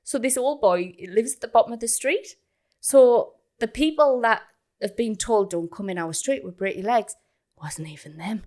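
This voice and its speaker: A woman co-hosting a podcast, telling a story in a casual, animated way and acting out other people's lines. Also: fairly high pitch, normal speed. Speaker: podcast co-host.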